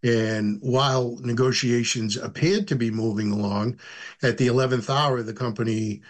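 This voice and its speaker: Middle-aged man, halting union guest. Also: mid-range voice, fairly even intonation. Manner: halting, many fillers. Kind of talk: interview answers.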